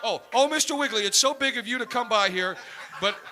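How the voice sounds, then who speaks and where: A man voicing a tired, coy female cat, breathy, drowsy and suggestive. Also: very high voice, fairly quick, bright, forceful tone, faint music behind, voice pushed up, exaggerated voice. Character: sleepy coy female pussycat.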